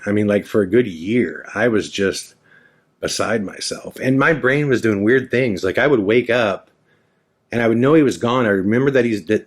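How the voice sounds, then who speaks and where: Man in his forties, podcast host, low voice, frank rambling monologue with swearing. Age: 40s. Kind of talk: candid personal monologue.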